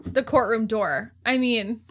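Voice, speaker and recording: A woman with a bright, forceful voice pitched a little high. She co-hosts a casual reaction chat about a show, speaking frankly and with clear opinions. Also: measured pace. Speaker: co-host.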